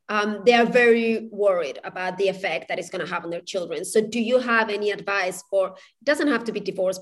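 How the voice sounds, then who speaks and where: A woman hosting a casual podcast interview, encouraging and affirming as she responds to her guest. Her voice sits at an ordinary mid pitch. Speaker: podcast host.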